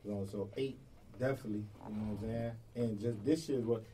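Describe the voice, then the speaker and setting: A man co-hosting a casual podcast chat, talking in quick bursts and filling with "you know what I'm saying.". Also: on the low side, fairly even intonation, warm tone, recorded from a distance, slight background noise, low-quality recording. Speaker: podcast co-host.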